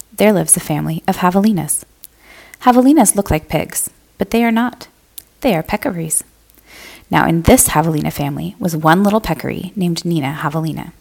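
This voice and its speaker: A woman narrating a children's story podcast gently, speaking to young listeners. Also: lowish voice, gravelly.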